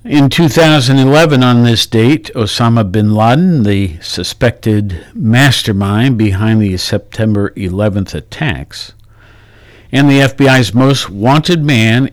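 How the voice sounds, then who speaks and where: Low-voiced guy, slow and lively, ums a lot while reading radio trivia, dry close sound. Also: no room sound. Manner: unhurried, thinks aloud with ums and let's-sees. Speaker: radio show co-host. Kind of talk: casual radio chat, reading on-this-day items.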